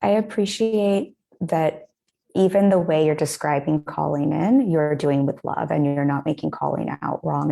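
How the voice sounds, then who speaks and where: A woman's voice: low-pitched, creaky, dark tone. A woman hosting an interview, talking in an effusive, searching way with many "like" fillers. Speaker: podcast host. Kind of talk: casual interview chat.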